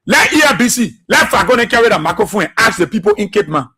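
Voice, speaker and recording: A man's voice: sits high, expressive, fast talker, hardly any pauses, fairly bright tone, breathy edge. A man hosting a political radio talk show, impassioned and repetitive, firing rhetorical questions and laughing often.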